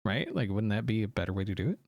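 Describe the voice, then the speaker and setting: A man's voice: fairly low pitch, lively intonation, fast talker, creaky, a little mellow, no room sound. An American man streaming a game, chatting casually with viewers, rambling and correcting himself as he goes. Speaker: gaming streamer. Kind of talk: casual live-stream chat.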